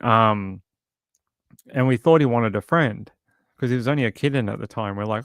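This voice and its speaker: An Australian man who runs a livestream show, chatting casually and cooing softly to his cat at home into a desk microphone. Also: mid-range voice, normal speed, pauses often, no room sound, clean studio sound. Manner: soft, chatty and rambling, coos at his cat. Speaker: true crime streamer. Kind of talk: casual chat during a livestream. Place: home, indoors.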